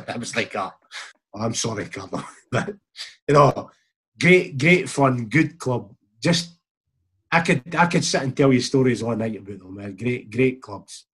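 A man's voice: medium pitch, expressive, measured pace, fairly bright tone, slightly rough. A middle-aged Scottish man, a former footballer, telling a rambling anecdote with chuckles, acting out what others said. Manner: rambling, chuckling, quotes others in reported speech. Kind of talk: casual anecdotal storytelling.

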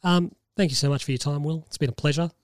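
A man hosting a podcast, chatting casually and pitching ideas enthusiastically in long rambling runs. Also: steady tone, fast, dry recording, studio quality. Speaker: podcast host. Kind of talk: casual chat.

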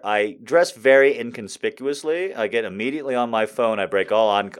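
A man doing stand-up, telling a story with profanity and exasperation and acting out the people in it. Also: medium pitch. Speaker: stand-up comedian.

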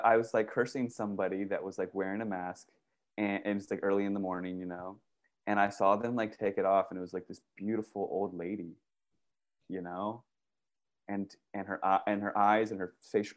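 A man talking casually and excitedly, rambling through stories with many restarts, swearing and saying "dude" and "bro". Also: lowish voice. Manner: profane, uses "dude" and "bro". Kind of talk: casual conversation.

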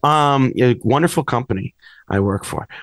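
A man's voice: medium pitch, moderate pace, a bit bright, dry recording, low-quality recording. Chatty, rambling male podcast host. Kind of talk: casual chat.

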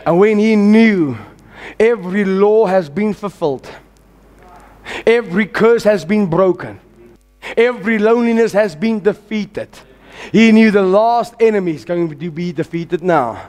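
A man preaching with a very high voice, fervent and exhorting, rising to shouts as he drives his sermon forward. He calls out lines for the congregation to echo back. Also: a little slow. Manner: calls on the congregation to repeat after him.

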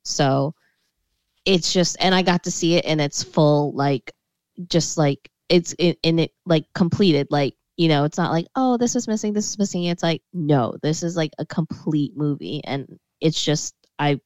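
A woman's voice: sits low, fairly even intonation, a little slow, darkish tone, dry recording. A young woman in a casual chat, rambling with lots of fillers.

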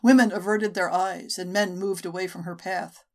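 A woman narrating a short story for a podcast in a measured, steady way. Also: on the low side. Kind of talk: audiobook narration.

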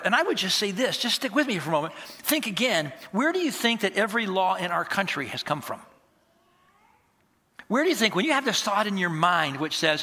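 A male pastor preaching an emphatic, animated sermon and acting out conversations. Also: high-pitched, brisk. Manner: animated, emphatic, acts out dialogues.

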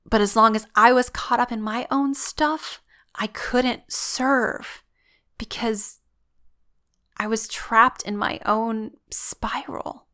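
A woman's voice: on the high side, steady tone, slow, sharp tone. A woman giving an earnest, reflective personal faith testimony.

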